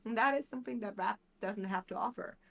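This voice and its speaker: A woman's voice: mid-range voice, quick pace, creaky. A woman with a German accent, a native German speaker, talking loosely and chattily as a podcast guest and swearing freely. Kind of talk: casual chat.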